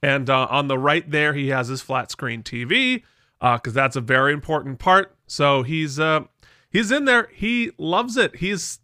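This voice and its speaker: Man, podcast co-host, bright slightly high voice, casual and chatty, dry. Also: animated, a little slow, clear, resonant tone, no echo. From Vermont. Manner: chatty and self-deprecating, many fillers.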